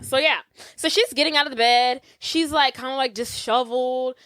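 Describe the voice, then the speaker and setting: A woman in her thirties co-hosting a podcast, casually retelling a film's plot in an animated way. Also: high-pitched, normal speed, dry recording. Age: 30s. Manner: animated, acts out characters' lines. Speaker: podcast co-host. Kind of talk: casual chat retelling a film.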